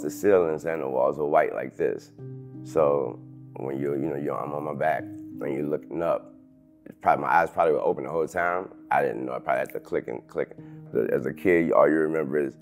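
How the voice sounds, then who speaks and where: A man in his thirties, an interview guest telling a painful personal story in halting sentences full of restarts. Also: very deep voice, creaky. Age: 30s. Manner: halting, restarts sentences, loud when quoting others.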